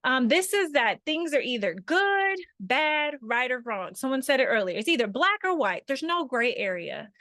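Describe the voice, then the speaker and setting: A woman's voice: high-pitched, very animated, moderate pace, hardly any pauses, sharp tone, no echo, clean studio sound. A woman facilitating an online workshop over a video call, talking conversationally and often checking in with her listeners.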